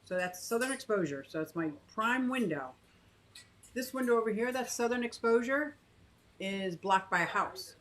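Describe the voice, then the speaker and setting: A woman in her fifties talking casually about her fish tanks, thinking aloud with many restarts and asides. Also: poor audio. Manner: coos in a high sing-song to her pet bird. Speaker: aquarium vlogger. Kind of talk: casual chat to camera and live chat.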